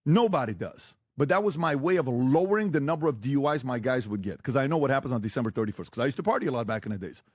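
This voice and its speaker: A forceful man lecturing in a debate. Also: mid-range voice, expressive, racing, few pauses, no room sound, studio quality. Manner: forceful, fires rhetorical questions; lectures and gives blunt warnings. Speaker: podcast guest debating the host. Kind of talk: heated debate.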